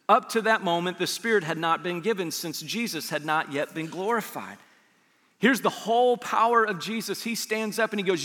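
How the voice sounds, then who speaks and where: A man preaching a sermon as a pastor, animated and rising to near-shouts on key lines. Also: high voice, moderate pace. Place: church sanctuary. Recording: long hall reverb.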